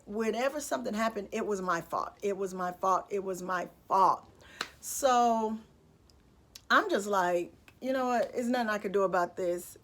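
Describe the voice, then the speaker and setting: Candid young woman telling a story. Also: mid-range voice. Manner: candid, conversational, lots of fillers and asides. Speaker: vlogger. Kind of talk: casual storytime chat.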